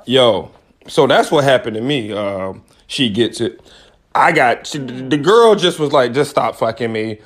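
A man's voice: medium pitch, expressive, measured pace. A man telling a frank, profane story as a podcast guest. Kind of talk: casual storytelling.

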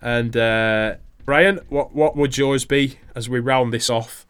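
A man's voice: medium pitch, slow pace, a bit bright, clean tone. A man co-hosting a podcast, recapping events matter-of-factly with chuckles. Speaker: podcast co-host.

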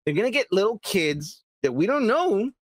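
A man co-hosting a podcast in casual chat, swearing a lot and talking excitably, saying he is high. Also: moderate pace, no room sound. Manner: profane, animated, excitable. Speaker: podcast co-host.

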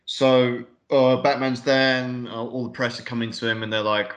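A man's voice: medium pitch, flat delivery, moderate pace, fairly bright tone. A young man co-hosting a podcast, rambling casually and swearing while recapping a film. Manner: rambling, sweary, lots of fillers. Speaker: podcast co-host. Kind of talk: casual film review chat.

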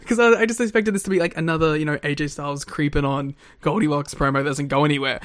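A male podcast co-host talks in a slightly higher voice, animated and casual. He laughs often between his remarks. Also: very fast, hardly any pauses.

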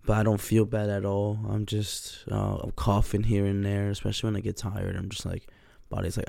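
A man's voice: fairly low pitch, completely flat delivery, a little fast, creaky, dark tone, no echo, clean studio sound. A young man hosting a casual solo podcast, congested, rambling with fillers and swearing into a podcast mic. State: stuffed up, congested. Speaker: podcast host.

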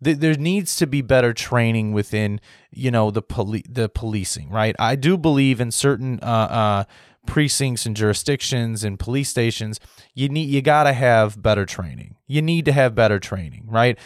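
An American man giving a heated opinion monologue to his viewers, restarting sentences, clearing his throat often and tagging his points with "right?". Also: mid-range voice, lively intonation, normal speed, dry recording, studio quality. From United States. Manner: heated, repetitive, frequent "right?" tags and restarts. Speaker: political commentary host.

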